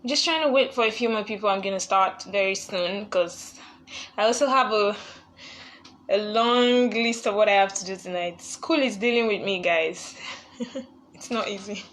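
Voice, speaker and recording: A woman's voice: medium pitch, normal speed, a bit bright. A young woman hosting a live online session, chatting casually and laughing often as she greets viewers. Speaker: live webinar host.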